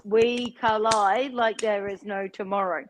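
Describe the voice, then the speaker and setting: A woman's voice: medium pitch, steady tone, measured pace, slight background noise, low-quality recording. A woman from England with a Sheffield English accent, co-hosting a casual chat and telling blunt, sweary stories. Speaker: co-host.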